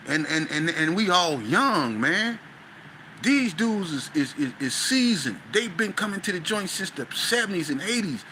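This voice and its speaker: A man from Las Vegas, a podcast guest, telling a story in casual, animated street talk that grows loud and high when he gets excited. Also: a little hiss or hum, poor audio. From Las Vegas, West Side.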